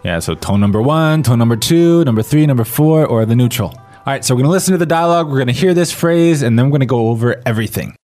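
Lively explaining podcast host man. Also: mid-range voice, quick pace, soft background music. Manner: friendly, explanatory. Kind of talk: language lesson podcast.

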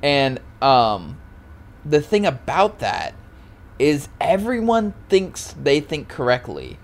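A man's voice: a little high, huge pitch swings, takes it slowly. A man co-hosting a podcast in loose, rambling casual chat, laughing often and swearing freely. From Oregon, US. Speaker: podcast co-host.

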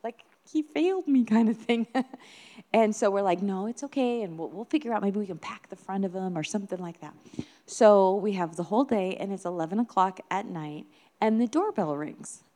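A woman's voice: mid-range voice, animated, fairly quick, mellow. A woman minister preaching a sermon in an earnest, emphatic way, building her points with repeated phrases.

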